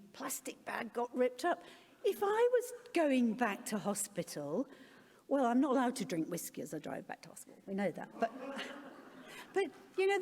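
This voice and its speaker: A middle-aged woman tells a personal story to a conference audience, frank and wryly self-deprecating. Her fairly high voice rises and falls a lot. The sound carries a long reverb from the large hall. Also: a little mellow. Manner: candid, with wry self-deprecating humour. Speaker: conference speaker, parent.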